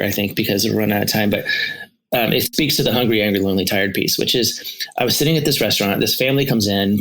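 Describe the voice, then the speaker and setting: A man's voice: fairly low pitch, a bit bright, poor audio. A man who is a therapist and podcast co-host, telling stories in a casual, rambling way, with lots of restarts. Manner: storytelling, many restarts and fillers.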